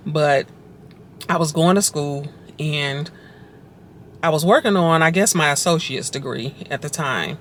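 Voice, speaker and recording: A woman's voice: on the low side, normal speed, a little hiss or hum. A woman vlogger telling her personal faith story in a conversational, reflective way, often repeating phrases for emphasis. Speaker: vlogger sharing her testimony.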